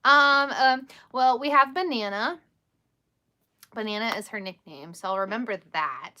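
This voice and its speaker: A woman in her thirties speaks in a bright, forward voice. She chats loosely with her viewers on a late-night livestream from home, laughing easily and answering their questions as they come. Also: on the high side, measured pace. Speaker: livestream host. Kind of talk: casual live chat with viewers.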